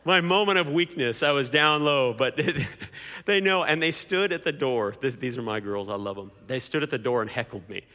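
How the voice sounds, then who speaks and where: Bright-voiced pastor preaching in a reverberant hall. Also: male voice, mid-range voice, normal speed. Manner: emphatic preaching with repeated rhetorical questions. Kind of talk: sermon.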